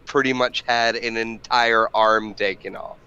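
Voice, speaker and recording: Bright-voiced man insisting on his points. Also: mid-range voice, steady tone, unhurried, smooth, no echo, highs cut off. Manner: insistent, lists points, restarts words. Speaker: podcast guest. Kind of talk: heated debate.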